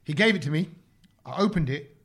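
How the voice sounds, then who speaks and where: A man co-hosting a casual chat show, telling a story in an animated way and acting out the other people's lines in a lowered voice. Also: a little fast, husky. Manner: animated, acts out quotes in lowered voice. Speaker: podcast co-host.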